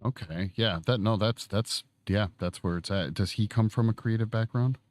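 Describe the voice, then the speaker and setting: A man in his thirties hosting a casual chat stream from his studio while he sculpts, relaxed and quick to chuckle. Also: lowish voice, no echo. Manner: laid-back, chuckles often, trails off. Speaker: streamer host. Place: home studio.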